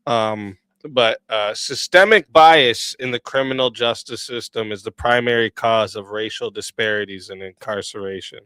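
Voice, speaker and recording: Hoarse man hosting a voice-chat debate. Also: on the low side, normal speed, dry recording. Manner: laughing, relaxed moderator. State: hoarse, losing his voice. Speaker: debate host.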